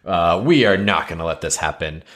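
A man's voice: low voice, animated, fairly quick, fairly bright tone. A man as a solemn animal-loving hero. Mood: defiant. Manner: solemn, declaiming. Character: earnest male animal-loving hero who talks to animals.

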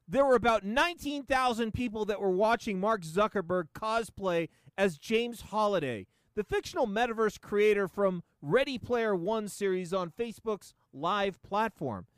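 A man's voice: high voice, moderate pace, few pauses, clean tone, dry recording. A man hosting a podcast, ranting sarcastically with lots of swearing and laughter in a casual comedic style. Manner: profane, sarcastic, laughing often.

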